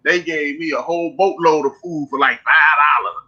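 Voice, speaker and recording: A man's voice: a little high, normal speed, breathy edge. A man from Chicago, co-hosting a podcast, telling stories in casual chat and calling out to the chat room. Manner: animated storyteller, calls out to the chat. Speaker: podcast co-host. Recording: muffled lo-fi audio.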